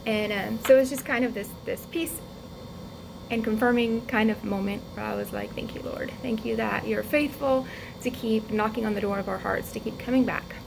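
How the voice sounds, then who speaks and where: A woman vlogger telling a personal story in a casual, chatty way, laughing often, acting out quotes, and going soft and hushed as she reflects. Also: a little high, fairly even intonation, normal speed, creaky, background noise.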